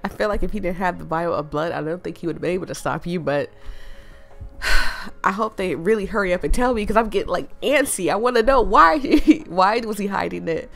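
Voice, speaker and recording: A woman's voice: fairly low pitch, brisk, gravelly, soft background music. A young woman playing through a story game, rambling and giggling as she comments. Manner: chatty, giggly, rambling with lots of "like". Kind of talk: let's-play commentary.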